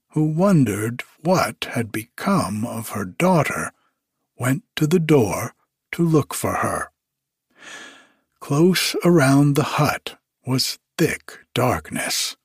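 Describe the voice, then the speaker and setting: A man reading a fairy tale aloud as narrator in a slow, measured storybook style. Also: mid-range voice, husky, no room sound, clean studio sound.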